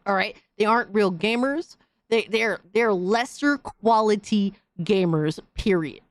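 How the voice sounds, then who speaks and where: A woman's voice: mid-range voice, a little slow, no room sound. A woman hosting a podcast, delivering a heated, profane, slang-filled rant in casual commentary. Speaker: podcast host.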